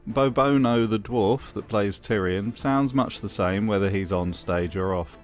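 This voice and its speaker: Man, video essay host, dry mocking narration, lowish voice, close mic, faint music. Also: unhurried.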